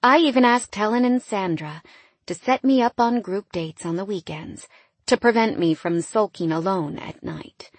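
A woman narrating a first-person romance audiobook in an intimate, wistful way that often drops quiet. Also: medium pitch, normal speed, no echo.

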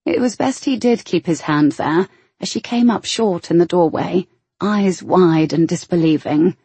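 A woman reads a novel aloud in a measured, expressive way. Her voice sits low and husky with a mellow, dark color, and the recording is close and dry. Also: no echo. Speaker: audiobook narrator. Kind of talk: scripted narration.

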